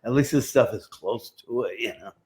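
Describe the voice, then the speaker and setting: A man's voice: mid-range voice, a little fast, a little mellow. A middle-aged man, a prop master, rambling through casual stories in an interview and acting out the voices of people he quotes.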